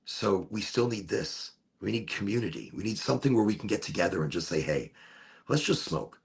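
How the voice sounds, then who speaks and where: A man hosting a casual smoke session, chatting in a rambling, relaxed way and often repeating himself. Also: fairly low pitch, brisk, gravelly, breathy edge. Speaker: host of a cannabis smoke session. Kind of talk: casual chat.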